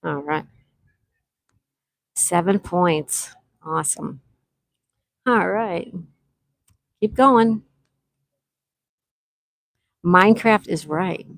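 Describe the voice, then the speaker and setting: A woman's voice: fairly low pitch, very slow, gravelly, long pauses, dry recording, low-quality recording. Chatty woman hosting a live trivia stream. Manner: reads questions twice, greets players by name. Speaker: trivia game host.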